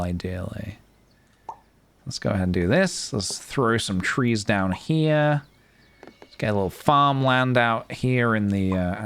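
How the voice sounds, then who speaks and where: A young man chatting casually to his live-stream viewers as he plays a game, playful and chatty, with sudden excited squeals. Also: lowish voice, gravelly. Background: faint game music.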